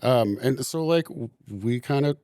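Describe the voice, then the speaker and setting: A man chatting as a podcast guest, walking through how he sets up store shelves. His speech is casual and loose, full of "like" and "um". His voice is mid-pitched for a man and recorded close and dry. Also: unhurried, mellow, dry recording. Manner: chatty, many "like" and "um" fillers. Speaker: podcast guest, retail buyer.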